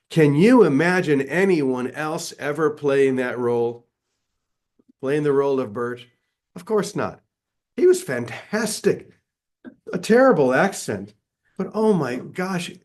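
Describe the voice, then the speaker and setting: A man's voice: fairly high pitch, darkish tone. A middle-aged man leading an online spiritual session in a casual, earnest way, often restarting his words. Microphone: video call.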